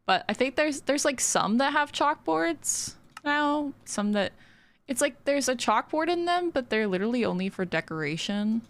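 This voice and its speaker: A woman's voice: sits high, lively intonation, moderate pace. A woman streamer chatting casually while building in a game, giggly and full of fillers. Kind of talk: casual gaming stream chat.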